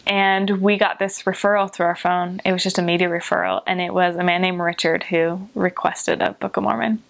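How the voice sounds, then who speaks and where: Young woman, former missionary, casual storytelling, chatty, lots of "like", high quoted voices. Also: fairly quick, gravelly. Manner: animated, lots of filler "like", jumps into high voices when quoting.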